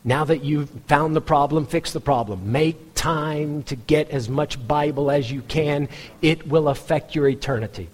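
A man preaching a sermon in a conversational, pointed way, jumping into a higher voice when he imitates people in the pews. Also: normal speed, a little mellow, breathy edge, in a large hall. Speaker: pastor.

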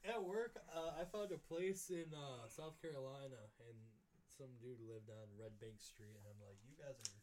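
A man's voice: mid-range voice, normal speed, few pauses, a little mellow, recorded from a distance, a little hiss or hum, low-quality recording. A young man co-hosting a podcast in casual chat, teasing and laughing often.

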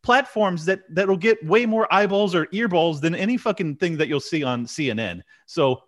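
A man's voice: sits high, animated, moderate pace, fairly bright tone. A man hosting a podcast, talking in a passionate, profane rant. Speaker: podcast host. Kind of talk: casual political podcast chat.

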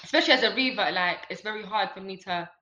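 A woman's voice: medium pitch, fast talker, sharp tone, echoey room, highs cut off. A young woman as a podcast guest, speaking in a hesitant, thoughtful way. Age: young adult. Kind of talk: casual chat.

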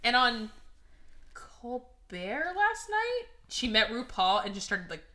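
A woman co-hosting a podcast in casual chat, animated and quick to laugh, swearing freely and acting out what others said. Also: a little high. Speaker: podcast co-host.

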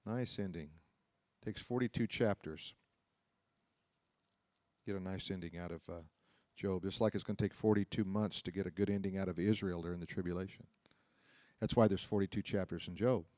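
A man's voice: sits low, fairly even intonation, moderate pace, pauses often, dark tone, dry recording. A man preaching a sermon, reading scripture aloud and explaining it in a conversational way, often asking his listeners questions. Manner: conversational, asks the audience questions. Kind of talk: sermon, Bible teaching.

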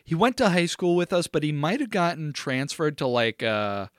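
A man's voice: a little high, big pitch swings, moderate pace, clean tone, dry recording, studio quality. A young man co-hosting a podcast, telling a rambling story in a joking, casual way. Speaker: podcast co-host. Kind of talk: casual chat.

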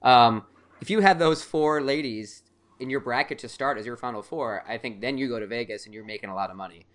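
A man's voice: mid-range voice, brisk, fairly bright tone. Rambling, joking male podcast host. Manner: rambling, joking, many fillers. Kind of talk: casual chat.

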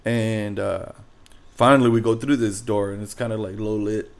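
A man's voice: lowish voice, steady tone, moderate pace. A young man co-hosting a podcast, rambling in a laid-back, casual way, swearing often and calling his friend "bro" and "dude". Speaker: podcast co-host. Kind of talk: casual chat.

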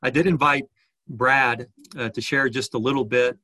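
A man preaching a sermon, speaking haltingly with many fillers and restarts. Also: medium pitch, fairly even intonation, pushed and bright, no room sound. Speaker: pastor.

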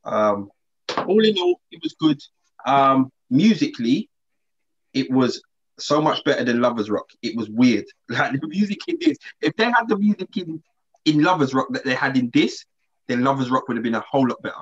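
A man, co-hosting a casual chat and telling a story in relaxed slang with many restarts. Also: mid-range voice, normal speed, husky. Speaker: podcast co-host. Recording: slightly dull lo-fi sound.

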